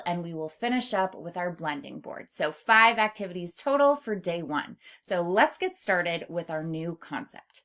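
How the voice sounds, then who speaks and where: A woman teaching a phonics lesson, speaking slowly and stretching words out syllable by syllable. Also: medium pitch, fairly bright tone. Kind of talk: slow, clear classroom instruction.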